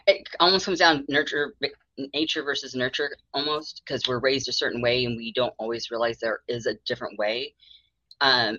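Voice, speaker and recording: A woman therapist with a very low, bright voice talks in a chatty, rambling way, acting out her own thoughts with a laugh. The sound is dry and a bit muffled. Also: no echo. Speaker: mental health therapist, guest. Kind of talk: candid podcast interview.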